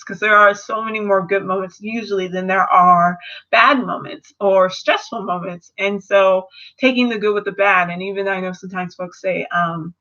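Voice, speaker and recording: Young woman, casual reviewer, lively storyteller, slightly dull lo-fi home audio. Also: medium pitch. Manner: animated, acts out characters in quotes. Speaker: video reviewer.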